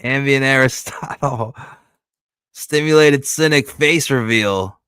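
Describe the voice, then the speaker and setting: A man's voice: mid-range voice, takes it slowly, fairly bright tone, smooth, no echo, studio quality. A man streaming and reacting to clips, with crude, mocking remarks. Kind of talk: casual commentary.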